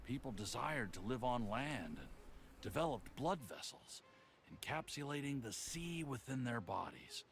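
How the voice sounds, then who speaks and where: An actor playing a calm townsman in a game, telling an old story in a dreamy, storytelling way. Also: medium pitch, a little slow, gravelly, slight background noise. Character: calm man who believes the sea is home. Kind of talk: game voice acting.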